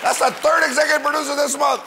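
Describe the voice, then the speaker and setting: A man hosting a late-night talk show, joking brashly with sudden shouting bursts in a studio before a live audience. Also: extremely high pitch, flat delivery, quick pace, crowd noise, noisy background. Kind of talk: comedic monologue and interview. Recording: roomy studio with audience and music.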